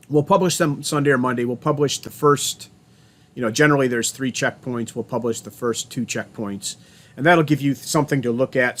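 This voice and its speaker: A man giving a remote college lecture over a video call, chatty, often restarting his sentences and telling corny jokes. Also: medium pitch.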